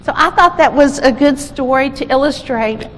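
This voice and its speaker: A woman's voice: high-pitched, normal speed, fairly bright tone. A woman giving a conference talk, telling a story in an informal, self-correcting way, recorded in a conference hall. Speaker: conference presenter. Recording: echoey hall with faint noise.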